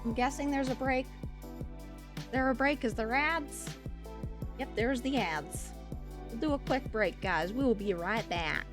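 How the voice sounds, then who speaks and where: A woman's voice: fairly high pitch, unhurried, long pauses, music in the background. A woman streamer with a Southern US accent, chatting casually with viewers and laughing often. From US Midwest and South.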